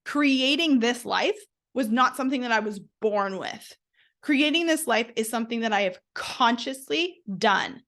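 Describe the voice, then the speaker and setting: A woman's voice: a little high, animated, measured pace, a bit bright. A woman hosting a motivational solo podcast, talking bluntly and emphatically and swearing freely. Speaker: podcast host.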